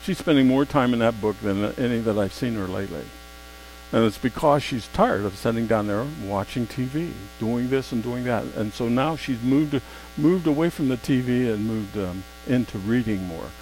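A man preaching a sermon, swinging between quiet, slow asides and loud, emphatic exclamations. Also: medium pitch, a little hiss or hum, poor audio.

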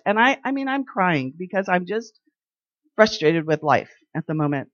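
A woman sharing personal faith testimonies in an animated way, acting out the dialogue in her stories. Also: lowish voice, normal speed, dry recording. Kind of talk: personal devotional storytelling. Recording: dry, slightly dull lo-fi sound.

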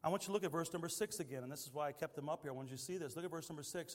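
A man preaching a sermon as pastor, swinging between quiet asides and loud, impassioned pleading. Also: fairly high pitch, big pitch swings, racing, few pauses, long reverb tail. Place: church sanctuary.

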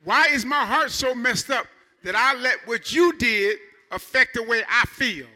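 High bright-voiced preacher, animated. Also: male voice, measured pace. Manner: animated, conversational preaching with rising shouts. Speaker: pastor. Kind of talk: sermon.

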